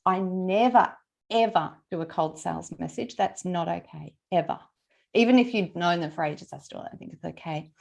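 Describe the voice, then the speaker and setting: Woman, webinar trainer; relaxed, chatty delivery with some vocal fry, on a video-call mic. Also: mid-range voice. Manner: friendly, conversational, checks in with attendees by name. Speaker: LinkedIn trainer presenting a webinar. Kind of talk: casual, chatty workshop teaching.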